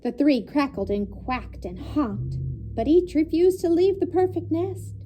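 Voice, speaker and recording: A woman teacher reading a picture book aloud to young students, pausing to comment and explain. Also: high-pitched, sing-song, mellow, faint music behind. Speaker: elementary school teacher. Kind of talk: children's read-aloud.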